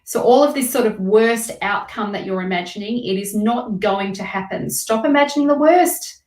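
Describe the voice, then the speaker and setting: A woman's voice: medium pitch, steady tone, normal speed, a little mellow. Chatty woman tarot reader, roomy sound. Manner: chatty, greets viewers, emphatic advice. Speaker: tarot reader doing live readings. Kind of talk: casual live-stream reading.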